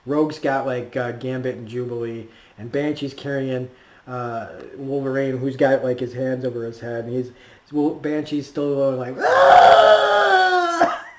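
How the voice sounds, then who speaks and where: A man's voice: medium pitch, fairly even intonation, moderate pace, noisy background. A man recapping a cartoon episode in a casual, rambling way, full of fillers and laughs. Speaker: cartoon reviewer. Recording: roomy echo.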